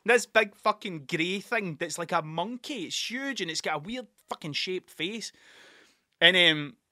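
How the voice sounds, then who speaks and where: A man's voice: high voice, animated, measured pace, pushed and bright, dry recording, studio quality. A man telling a rambling, sweary story in a casual podcast monologue, laughing as he goes. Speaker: podcast host and artist.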